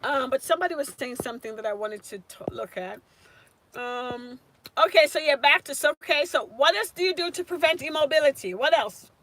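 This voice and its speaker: A woman's voice: high-pitched, expressive, brisk, fairly bright tone, slight background noise. A woman tutoring nursing students on a casual live stream, chatting and answering viewers' comments by name.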